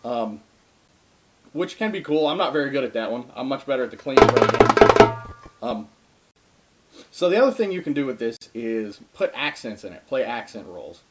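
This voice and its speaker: A man's voice: mid-range voice, very animated, moderate pace, long pauses, over loud music. A young man giving a casual darbuka lesson, talking informally with frequent ums and uhs and stopping to play between phrases. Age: young adult. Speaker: darbuka teacher. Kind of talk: casual spoken drum lesson. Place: home room with drum. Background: darbuka drumming between phrases.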